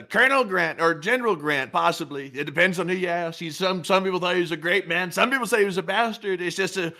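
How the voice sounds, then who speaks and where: Bright-voiced man making dry asides. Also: high voice, vocal fry. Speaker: co-host of a news commentary channel. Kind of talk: casual chat.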